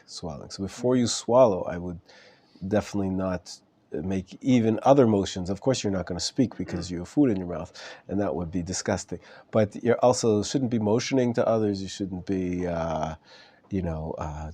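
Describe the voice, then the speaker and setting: A man's voice: lowish voice, mellow. A man, a rabbi, teaching a live class in a casual, chatty way and joking with his students, his voice not at full strength while recovering from an illness.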